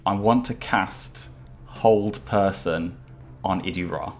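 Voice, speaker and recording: A man's voice: low voice, slow pace, slight background noise. A man playing a tabletop game, eager and chatty, hesitating with fillers as he plans his moves. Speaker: player. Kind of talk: casual tabletop game play.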